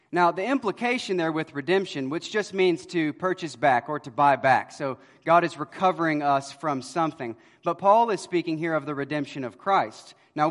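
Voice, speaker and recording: A man preaching a sermon, telling stories and moving between loud emphasis and quiet, low lines. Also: in a large hall. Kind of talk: expository sermon.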